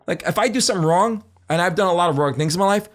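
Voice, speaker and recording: A man's voice: high voice, racing. Swearing middle-aged New man. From Brooklyn, New York. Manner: animated, profane storytelling that acts out other people's words. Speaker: podcast guest. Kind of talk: casual chat.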